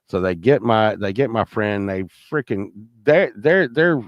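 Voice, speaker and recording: A man's voice: fairly low pitch, no echo, studio quality. A man telling a rambling, profane story in casual chat, full of restarts and acted-out lines from other people.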